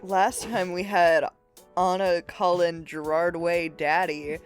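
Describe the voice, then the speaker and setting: A woman's voice: fairly low pitch, level tone, slow pace, clean tone, faint music behind. A woman co-hosting a podcast, sleepy and joking dryly in casual chat. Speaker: podcast co-host.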